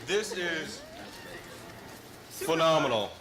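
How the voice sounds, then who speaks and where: A man's voice: fairly high pitch, expressive, takes it slowly, a crowd in the background. A man hosting a live food judging contest, playful and teasing with the judges.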